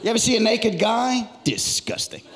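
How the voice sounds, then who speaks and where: A man performing a loud, animated stand-up comedy set on a theater stage, acting out voices. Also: fairly high pitch, normal speed, noisy background. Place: large theater stage with audience. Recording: live hall recording with loud crowd.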